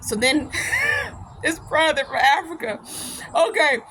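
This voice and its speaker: A woman's voice: high voice, lively intonation, slow pace, pushed and bright, a little hiss or hum. A woman host telling a personal story in a casual, emphatic way, laughing often. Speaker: channel host.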